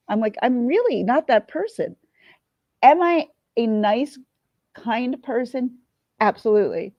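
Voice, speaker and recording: A vlogger in her forties speaks candidly to the camera in an emotional, confessional way, tearing up at times and swearing freely. Her voice is a little high, and the audio is dull with no room sound.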